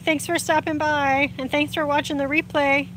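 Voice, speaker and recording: This woman's high voice stays flat at a moderate pace while she chats on a casual outdoor livestream in the sun. Talking to viewers through her phone, she reads their comments, offers warm greetings, and laughs a lot. There's slight background noise.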